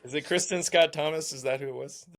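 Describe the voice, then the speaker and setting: Deadpan man dropping dry jokes. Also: fairly high pitch, fast talker. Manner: dry, deadpan joking interjections. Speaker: podcast co-host. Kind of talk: casual film discussion.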